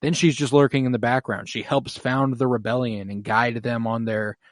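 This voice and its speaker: A man's voice: medium pitch, fairly even intonation, moderate pace, no room sound. Male podcast co-host, keen fan energy, dry close sound. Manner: enthusiastic, gushing. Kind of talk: casual fan chat.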